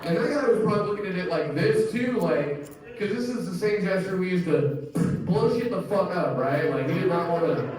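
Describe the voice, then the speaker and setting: A man's voice: high voice, animated, a little fast, noisy background. A man in his thirties doing a stand-up set, loose and crude, rambling with lots of fillers. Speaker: stand-up comedian. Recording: echoey comedy club, distant mic.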